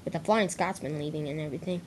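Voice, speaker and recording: A woman voicing a calm, easygoing male toy engine in a homemade train story. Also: sits low, fast, a little hiss or hum, lightly acted.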